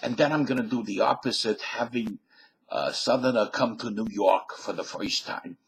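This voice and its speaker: A man's voice: medium pitch, a little hiss or hum, low-quality recording. A man in his fifties with a Southern US accent, telling folksy, meandering stories in a casual monologue. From Southern United States. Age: 50s. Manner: meandering, folksy storyteller, drawn-out phrases. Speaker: video blogger.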